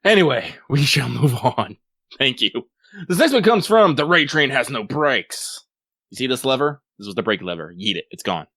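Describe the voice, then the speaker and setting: A man's voice: medium pitch, normal speed, husky, no echo, studio quality. A man in his late twenties co-hosting a gaming podcast, reading listener mail and chatting jokily with lots of "like". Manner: animated, heavy use of "like", jokey. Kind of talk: casual gaming podcast chat.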